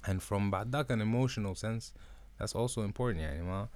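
A man's voice: fairly low pitch, rapid-fire, a little mellow. A man hosting a casual podcast chat, slangy and rambling. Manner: slangy, rambling, switches between English and Arabic. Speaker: podcast host.

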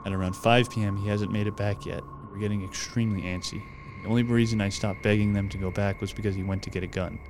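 This man reads a spooky story aloud for his podcast in a deep, steady voice that barely rises or falls. His delivery is loose and casual, with plenty of swearing. Music plays clearly beneath him. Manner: casual, swears freely while reading. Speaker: podcast host. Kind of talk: reading a horror story aloud.

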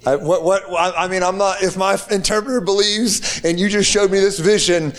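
A man from the United States telling a testimony to a group in an excited, casual way, with slang and many restarts. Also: high voice, normal speed. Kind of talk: animated storytelling to a group.

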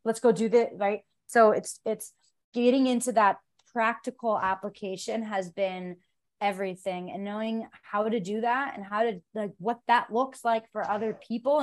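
A woman's voice: medium pitch, steady tone, moderate pace. A woman from the United States, a jiu-jitsu athlete on a podcast, talking earnestly in long, run-on thoughts. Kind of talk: casual conversation.

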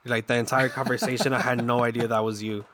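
A man in a casual conversation who laughs often and talks quickly and playfully. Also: medium pitch, level tone, a bit bright. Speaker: streamer. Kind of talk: casual chat.

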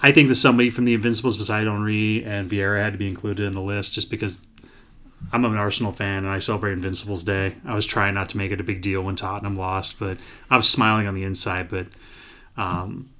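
A man's voice: lowish voice, little pitch movement, quick pace, sharp tone. A man with an American Midwest accent, co-hosting a casual sports podcast and talking in a laid-back, rambling, joking way. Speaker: podcast co-host.

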